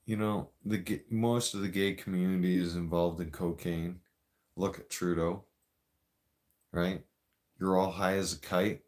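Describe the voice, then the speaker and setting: A man's voice: low voice, fairly even intonation, unhurried, darkish tone. A man hosting a live stream, ranting at his viewers in a confrontational, rambling way, addressing them directly.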